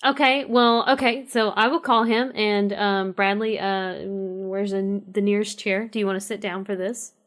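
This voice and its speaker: A woman's voice: mid-range voice, steady tone, moderate pace, hardly any pauses, a bit bright. A woman playing a character in a tabletop role-play, talking with hesitations and restarts. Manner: hesitant, lots of fillers and restarts. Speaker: player.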